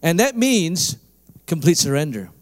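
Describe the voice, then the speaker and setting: High-voiced pastor man telling a story. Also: measured pace. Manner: animated storytelling, acts out dialogue with big pitch jumps. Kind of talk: sermon.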